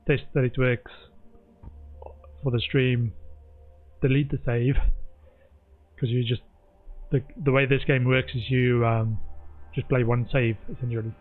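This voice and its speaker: A man of middle pitch talks casually through a video game stream. He thinks out loud and reads the game's prompts as he goes. Faint music sits in the background. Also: narrow, tinny audio. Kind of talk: casual gameplay commentary.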